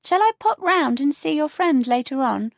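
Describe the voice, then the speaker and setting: A woman's voice: high-pitched, lively intonation, moderate pace, vocal fry, no room sound, pitched above the performer's own voice. A woman voicing a prim, gossipy elderly neighbour who talks in a fussy, lilting way, in a dry studio audiobook reading. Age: older.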